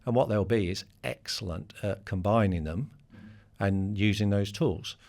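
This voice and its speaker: A man's voice: lowish voice, a little slow, creaky, a little mellow. A middle-aged man, a business leader giving a conversational podcast interview in a straightforward, plain-spoken way. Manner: straightforward, conversational with many fillers.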